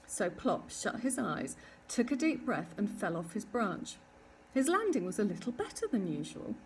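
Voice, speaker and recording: A woman narrating a children's storybook in an expressive, animated reading. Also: mid-range voice, normal speed, slight background noise. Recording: distant mic with faint ambience.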